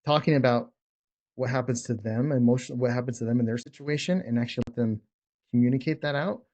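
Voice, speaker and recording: Fast and a little mellow, with a medium pitch, a man coaches real estate wholesaling. He keeps restarting his words while bluntly and emphatically teaching sales negotiation in an informal way.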